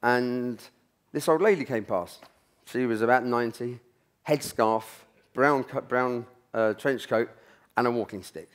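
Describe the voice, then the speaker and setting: A man's voice: medium pitch, measured pace. A middle-aged man, telling a rambling story from his kitchen career at a symposium, often restarting his sentences. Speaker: chef giving a talk. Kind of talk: anecdotal talk at a symposium.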